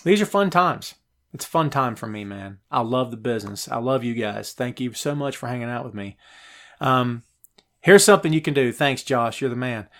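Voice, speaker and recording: A man's voice: medium pitch, moderate pace. A man hosting a live wrestling talk show, chatting casually and reading viewers' names aloud, recorded on a phone and a bit out of breath. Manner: chatty, animated, reads chat names aloud. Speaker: podcast host.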